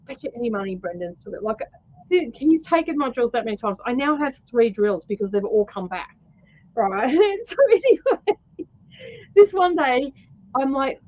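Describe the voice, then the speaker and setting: Aussie lady chatting on a stream, bit high voice, kinda dull muffled sound. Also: a little mellow. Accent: Australian. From Australia. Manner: chatty storyteller, laughs often, many fillers. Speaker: host. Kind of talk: casual livestream chat.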